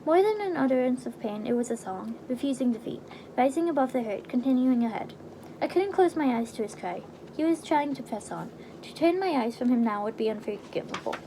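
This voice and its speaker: High-voiced woman reading aloud. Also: animated, brisk, dark tone, slight background noise, poor audio. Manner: casual, stumbles and restarts over words. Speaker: reader. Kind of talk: reading a game novelization aloud.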